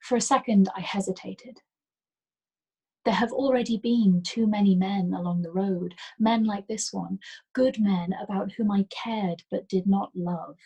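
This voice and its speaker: A woman reading a novel aloud as a storyteller, in a soft and gentle manner that sometimes drops to a whisper. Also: mid-range voice, normal speed, slightly rough, lo-fi sound.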